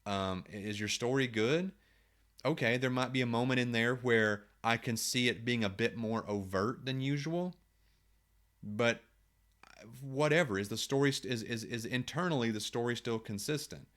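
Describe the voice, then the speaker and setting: A man's voice: medium pitch, normal speed, a bit bright. A man, a writer, talking casually to camera, thinking aloud with rhetorical questions and frequent restarts.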